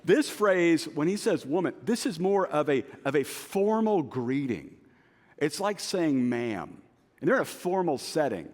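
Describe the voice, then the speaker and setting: Animated middle-aged male pastor preaching. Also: fairly high pitch, a little slow. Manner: animated storytelling with self-deprecating humor. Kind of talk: sermon. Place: large church auditorium. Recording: long hall reverb.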